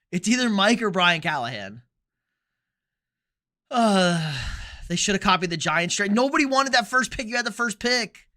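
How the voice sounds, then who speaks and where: A young Texan man with a high, bright, forceful voice and a Texan accent hosts a casual sports livestream. He answers viewer comments bluntly and with jokes, full of opinions and quick asides.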